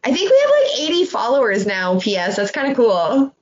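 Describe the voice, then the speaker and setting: A young woman co-hosting a podcast in casual chat, animated and swearing freely as she acts out her own reactions. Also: a little high, brisk, slightly rough, lo-fi sound. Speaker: podcast co-host.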